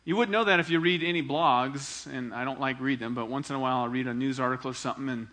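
A man preaching a sermon as pastor, animated and acting out the dialogue he quotes. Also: medium pitch, fast talker.

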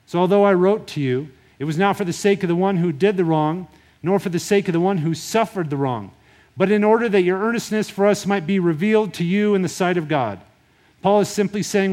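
A man preaching a sermon in a conversational, animated retelling style. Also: sits high, a little fast. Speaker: pastor.

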